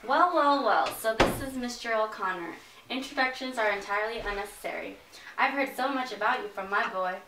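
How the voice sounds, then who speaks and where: A woman's voice: mid-range voice, fairly quick, natural voice. A girl playing a gushing Southern belle mother. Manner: gushing, genteel, rambling. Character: faded Southern belle mother, fussy and chatty. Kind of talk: amateur stage play reading. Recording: echoey room, mic from far off, faint hiss.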